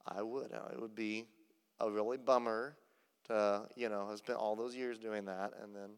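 A man's voice: on the low side, little pitch movement, moderate pace, clean tone, in a large hall. A man preaching a sermon in a conversational, storytelling way, with many casual fillers. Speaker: pastor.

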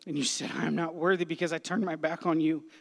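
A man preaching a youth sermon as a pastor, impassioned, swinging between hushed whispers and loud cries. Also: fairly high pitch, fairly even intonation, fast, vocal fry. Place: church sanctuary. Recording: long hall reverb.

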